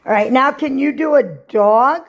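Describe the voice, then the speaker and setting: A woman's voice: high-pitched, measured pace, vocal fry. A woman talking playfully to her pet dog, coaxing and praising it. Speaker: pet owner. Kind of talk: casual talk to a pet.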